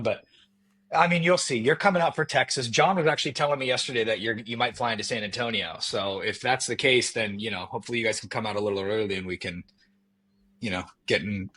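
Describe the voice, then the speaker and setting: A man's voice: medium pitch, fairly bright tone, husky. A man guest on a podcast, chatting casually and rambling with lots of "I mean" and "like" over a remote call. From California. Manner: easygoing, rambling with fillers like "I mean" and "like". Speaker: podcast guest, custom knife maker. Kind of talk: casual chat.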